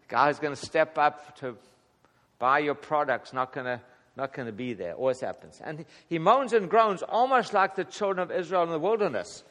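A man's voice: on the high side, normal speed, a bit bright. A man teaching a casual Bible study to a small group, chuckling often and acting out the prayers he quotes. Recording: long hall reverb.

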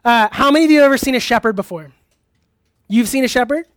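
Speaking at a middle pitch and moderate pace with long pauses, a relaxed, chatty youth pastor preaches to a live group in a church hall. He keeps stopping to ask questions and take answers, laughs easily, and fills his loose talk with fillers. The audio is dry and close, with almost no room echo.

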